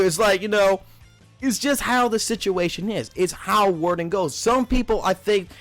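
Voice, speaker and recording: A man's voice: sits high, brisk, no room sound, soft background music. Profane ranting man in his thirties. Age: 30s. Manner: profane, rambling rant; animated. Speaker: livestreamer. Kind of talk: casual stream commentary.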